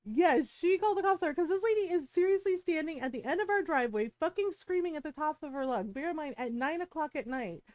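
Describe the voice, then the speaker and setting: A woman streamer with a fairly high voice tells a story to her live chat in a casual way. She is animated and swears freely, and she acts out what each person said. The sound is close and dry. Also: quick pace, few pauses, no echo.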